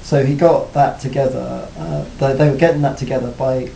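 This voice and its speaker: A man being interviewed about his music career, talking reflectively with many pauses and restarts. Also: fairly even intonation, creaky, mellow. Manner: hesitant, many restarts and "you know". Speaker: interviewee, former band cellist. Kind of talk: reflective casual interview talk. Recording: roomy, faint rumble.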